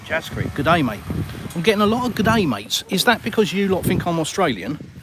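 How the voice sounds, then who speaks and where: A man's voice: high-pitched, sing-song, fairly quick, noisy background. A middle-aged English man hosting a casual live Q&A from a sunny balcony, blunt and full of jokey banter. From England. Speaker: livestream host.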